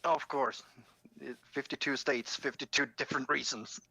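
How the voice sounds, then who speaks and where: A friend joining a livestream by voice call, relaxed and joking in casual chat. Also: medium pitch, normal speed, gravelly, husky.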